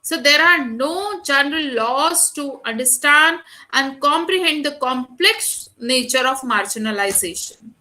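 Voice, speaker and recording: Bright-voiced Indian woman lecturing. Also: high-pitched, lively intonation, a little slow, low-quality recording. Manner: addresses students directly, reads out lists of terms. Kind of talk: online lecture.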